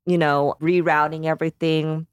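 Low-voiced and flat in delivery, a podcast co-host in her thirties talks at a moderate pace with a smooth sound. Her casual chat is emotional and grateful, rambling and full of "like"s. The recording is dry, with the highs cut off.

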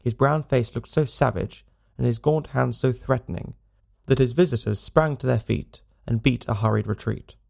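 A man narrating a classic story in a measured, dramatic audiobook reading. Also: mid-range voice, vocal fry, a little mellow.

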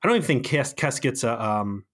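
A man of ordinary pitch talks through a TV episode in a loose, joking podcast recap. He tells it with sarcastic energy, picking things apart as he goes and stumbling over fillers along the way. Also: fairly quick, husky. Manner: sarcastic, animated storytelling with frequent fillers. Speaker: podcast co-host. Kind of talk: casual comedic show recap.

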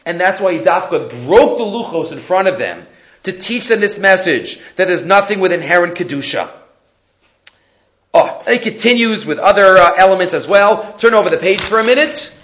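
Casting: high-voiced man, animated Torah teacher, dull echoey room recording. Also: normal speed. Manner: animated, acts out quotes, repeats himself. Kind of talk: Torah class lecture.

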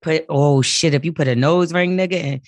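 A woman co-hosting a podcast, talking in loud, animated casual banter. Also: sits low, moderate pace. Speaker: podcast co-host.

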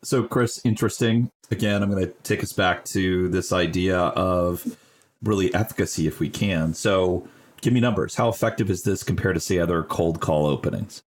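A man's voice: low voice, normal speed. A man hosting a podcast interview, asking his guest direct questions. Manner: direct, asks for numbers.

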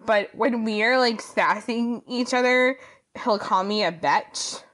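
A woman guest in a casual podcast chat, playful, expressive and self-deprecating. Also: fairly high pitch, slow pace. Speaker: power wheelchair user.

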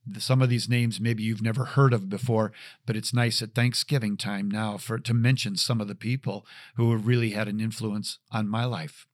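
A middle-aged man hosting his own show, telling a personal story in an earnest, halting way, repeating words and filling gaps with "uh". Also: fairly low pitch, level tone, dry recording, studio quality. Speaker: radio show host.

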